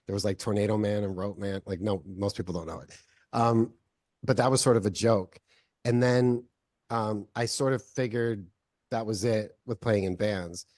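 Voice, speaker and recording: A filmmaker guest in a casual interview, telling long stories with lots of "like" fillers. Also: male voice, fairly low pitch, fairly even intonation, normal speed, a little mellow, no echo, clean studio sound. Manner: rambling, heavy use of "like" fillers.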